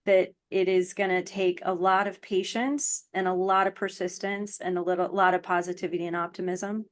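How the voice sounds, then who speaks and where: A woman's voice: fairly low pitch, little pitch movement, moderate pace. A woman guest on an interview podcast, speaking earnestly and from the heart, with frequent ums. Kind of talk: casual interview chat.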